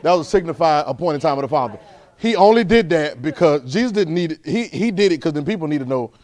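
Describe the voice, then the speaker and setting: A man teaching a Bible class in a sermon style, animated, with constant call-and-response checks of his listeners. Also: fairly high pitch, fast. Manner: repetitive call-and-response, keeps asking "right?"; animated, swings loud and soft.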